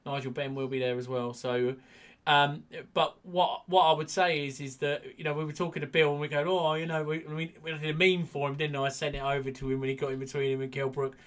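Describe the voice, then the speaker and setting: A man's voice: a little high, fairly even intonation, a little fast, fairly bright tone. A man co-hosting a casual boxing podcast, chatty and rambling, with lots of restarts. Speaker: podcast co-host.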